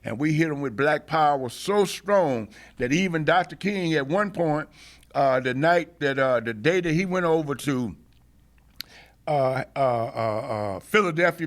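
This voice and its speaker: An older man telling a long story as an interview guest, passionate and oratorical, often pausing and restarting before building to a rally-speech rhythm. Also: a little high. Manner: frequent hesitations and restarts. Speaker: interview guest, veteran activist. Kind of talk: oral history storytelling.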